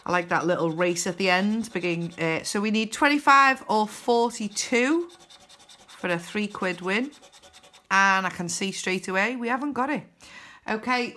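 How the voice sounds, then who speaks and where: Woman vlogger, unhurried, crisp bright tone, chatty number-by-number commentary. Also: medium pitch. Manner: chatty, counts numbers aloud, cheers and groans. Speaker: scratch card vlogger. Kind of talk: casual commentary while scratching cards.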